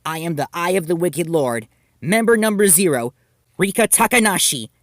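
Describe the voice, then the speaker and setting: A man voicing a bossy teenage girl dark wizard, raised high pitch, declaiming, dry close sound, storybook reading. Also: lively intonation, normal speed, dry recording. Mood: grandiose. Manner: grandiose, declaiming.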